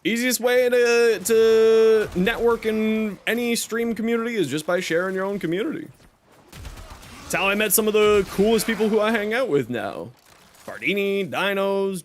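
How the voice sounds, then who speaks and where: A man's voice: high-pitched, a little slow. A young man chatting casually on a live game stream, upbeat and talkative as he announces giveaways and thanks viewers. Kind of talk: casual live-stream chat while gaming.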